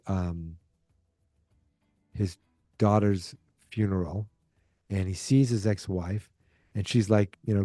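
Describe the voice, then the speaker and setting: A podcast host with a lowish, mellow voice rambles casually through a movie review, restarting sentences and acting out quoted lines. He's an adult who was alive in 1986, and the dry recording is studio quality.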